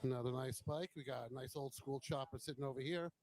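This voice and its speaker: A man's voice: mid-range voice, fast, darkish tone, slight background noise, rough recording. A man hosting a casual walkaround of a bike show, chatting admiringly and joking, recorded on a handheld camera as he walks. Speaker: host.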